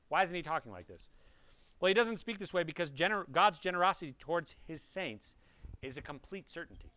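A male preacher delivering a sermon in a bright, forceful voice that sounds smooth and resonant. He is earnest and presses his point with one rhetorical question after another, speaking straight to his listeners. The sound is dry and close. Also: fairly high pitch, lively intonation, a little fast, dry recording. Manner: addresses listeners directly. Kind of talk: expository sermon.

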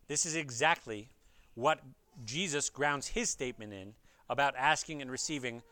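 Bright-voiced male preacher asking rhetorical questions. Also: medium pitch, normal speed. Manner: earnest, presses with rhetorical questions; addresses listeners directly. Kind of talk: expository sermon.

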